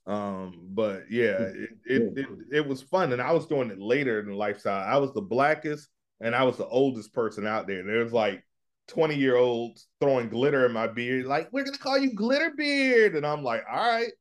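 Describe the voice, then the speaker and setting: A middle-aged man chats casually on a podcast, his pitch sitting mid-range for a man. He tells loose, laid-back stories and acts out what he said in playful voices. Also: moderate pace. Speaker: podcast co-host. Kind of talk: casual chat.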